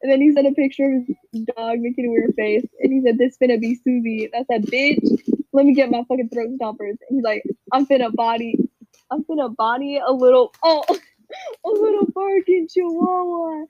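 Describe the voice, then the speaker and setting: Over dry, dull, lo-fi call audio, a teenage girl energetically recounts a story to her friends, performing the quotes and laughing frequently. She has a fairly high pitch, talks a little fast, and there's no echo.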